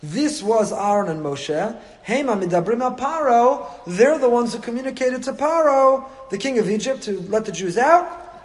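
A man leads a lively Torah lesson, his voice sitting somewhat high. He throws out rhetorical questions and briefly acts out lines from the text. A long reverb trails each phrase, as in a large hall. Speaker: rabbi teaching a Torah class.

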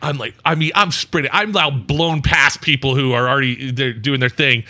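A man's voice: medium pitch, moderate pace. A man on a podcast telling a funny story about himself, acting out the voices of the people in it. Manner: animated, self-mocking storyteller acting out voices. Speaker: podcast co-host. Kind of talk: casual storytelling.

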